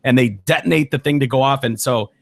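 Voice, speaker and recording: A man hosting a casual podcast, telling stories with lots of swearing, laughter and loud voices for the people he quotes. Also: mid-range voice, quick pace, dry recording. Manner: swears freely, laughs often. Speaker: podcast host.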